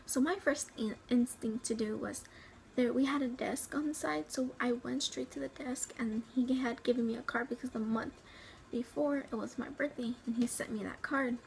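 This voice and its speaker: A woman from the Rio Grande Valley in Texas, telling a personal story at home in a halting, rambling way, full of ums and likes, sometimes dropping to a near whisper. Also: fairly high pitch, fairly even intonation, gravelly, a little hiss or hum, rough recording. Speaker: vlogger.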